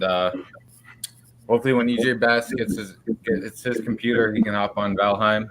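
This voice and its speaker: A man with a Canadian accent hosting a live stream, talking in a relaxed, rambling way. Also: medium pitch, noisy background. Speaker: stream host. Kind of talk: casual live-stream chat.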